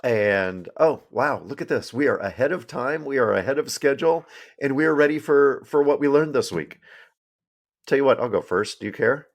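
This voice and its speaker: A man's voice: mid-range voice, expressive, moderate pace. A man co-hosting a podcast, chatting casually and joking, trailing off with fillers. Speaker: podcast co-host. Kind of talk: casual chat.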